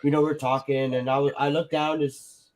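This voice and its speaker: A man's voice: fairly high pitch, little pitch movement, moderate pace, darkish tone, slight background noise. A man telling a personal story in casual chat, rambling, swearing and acting out other people's lines. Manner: rambling, full of "like" and "you know", swears freely.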